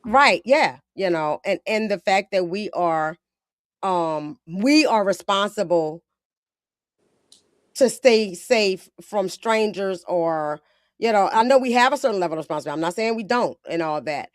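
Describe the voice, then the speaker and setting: A woman's voice: mid-range voice, expressive, unhurried, no echo, studio quality. A woman hosting a podcast, talking bluntly in casual slang, often acting out quotes. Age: adult with a daughter. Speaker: podcast host.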